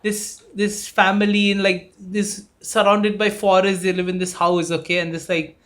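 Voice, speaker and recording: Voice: mid-range voice, little pitch movement, normal speed, a bit bright. Young adult in a mid-range voice, swears a lot, laughs and yelps through scary stories. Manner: blunt, swears a lot, bursts into laughing shrieks. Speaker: podcast co-host. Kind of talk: casual chat.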